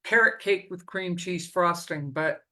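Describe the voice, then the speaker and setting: A woman's voice: on the low side, unhurried, sharp tone. A woman hosting a podcast interview, talking bluntly and outspokenly about investing. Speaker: podcast host.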